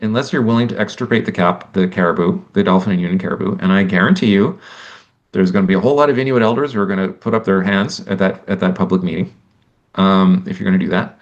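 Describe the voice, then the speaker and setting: A man giving a conversational lecture, animated and exasperated, acting out imagined exchanges and often restarting his sentences. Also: deep voice, fast, muffled recording. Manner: many restarts and self-corrections.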